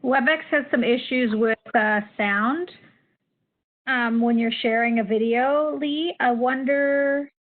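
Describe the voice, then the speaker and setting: A woman's voice: fairly high pitch, slow. A woman moderating an online class, briefly helping the presenter with a technical problem. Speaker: session moderator. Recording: tinny video call audio.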